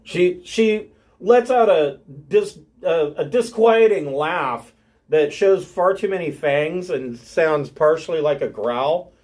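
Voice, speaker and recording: A man narrating as game master of a tabletop game, unhurried and often clearing his throat. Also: on the high side, animated, a little mellow.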